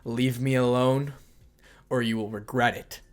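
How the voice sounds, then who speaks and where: A man's voice: mid-range voice, steady tone, unhurried, natural voice. A man voicing a cold, scornful young man who growls his threats.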